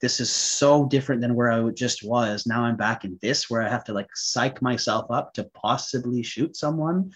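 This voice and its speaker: A man's voice: medium pitch, normal speed, few pauses, slightly rough. A man who is a podcast guest, telling a personal story casually and with animation, laughing often and saying "like" a lot. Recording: slightly dull lo-fi audio.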